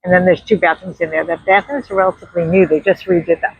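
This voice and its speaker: This is a chatty walking vlog from a woman with a New York accent, shot on a handheld phone as she walks a windy beach and treats her viewers like friends. She talks fast in a lowish, fairly even voice with vocal fry and a breathy edge. The audio is dry, narrow and tinny, with faint surf and wind.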